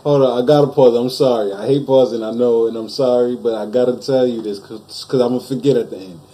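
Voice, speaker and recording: A man's voice: mid-range voice, steady tone, fast talker, mellow. A man hosting a reaction video, talking casually with slang and a laid-back manner.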